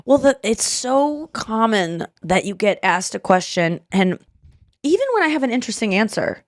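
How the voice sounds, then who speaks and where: A young adult woman hosting a podcast, chatting casually and animatedly, breaking into loud mock voices. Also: fairly high pitch, very animated, normal speed. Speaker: podcast host.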